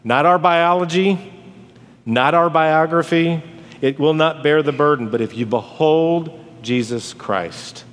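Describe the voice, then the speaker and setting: A man preaching a sermon as a pastor, swinging from dramatic rises to hushed drops on key words. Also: on the high side, unhurried. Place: church sanctuary. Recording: long hall reverb.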